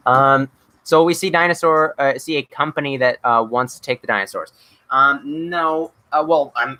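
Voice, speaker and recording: A man's voice: mid-range voice, pushed and bright, slight background noise, rough recording. A man hosting a casual livestream Q&A, answering chat questions in an eager, chatty way with lots of ums and restarts.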